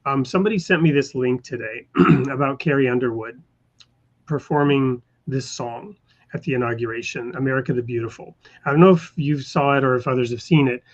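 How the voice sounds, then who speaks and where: A man hosting an interview, speaking thoughtfully and haltingly with fillers. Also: medium pitch. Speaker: podcast host. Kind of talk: interview conversation. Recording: slightly dull lo-fi sound.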